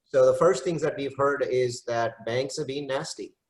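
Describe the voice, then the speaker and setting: A man, a real estate investor and educator, speaking briskly and telling anecdotes in a panel discussion. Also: mid-range voice, poor audio. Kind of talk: panel discussion on a video call.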